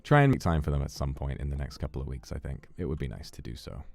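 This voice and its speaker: Very deep, gravelly male streamer. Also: fast, darkish tone, faint music behind. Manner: playful, theatrical, flirty with chat. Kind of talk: casual livestream chat while gaming.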